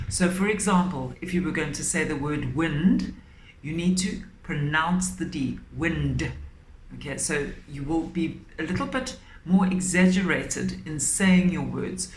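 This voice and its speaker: A woman teacher giving a lesson for children, speaking clearly and deliberately and stressing key words. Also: on the low side. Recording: echoey room, faint background noise.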